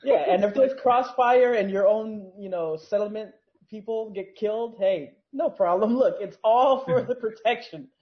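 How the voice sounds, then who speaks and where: A man's voice: high voice, moderate pace. A man co-hosting a podcast, joking in casual chat and often laughing into his lines. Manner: joking, laid-back, trails into laughs. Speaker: podcast co-host. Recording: dull lo-fi sound.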